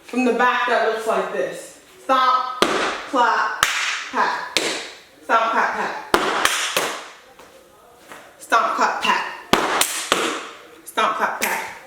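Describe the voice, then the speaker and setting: A woman's voice: fairly high pitch, fairly even intonation, far from the mic, very noisy. Woman calling out step moves, echoey. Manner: counts moves aloud, brisk and rhythmic. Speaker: dance instructor. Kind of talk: teaching step dance moves. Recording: echoey room, voice off-mic, loud stomping and claps.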